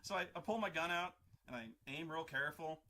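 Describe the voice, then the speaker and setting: A man hosting an art livestream, casually telling a profane, animated tabletop game story in a stop-start way. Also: on the high side, fairly quick. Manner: animated, profane, full of restarts and acted-out voices. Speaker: artist livestream host.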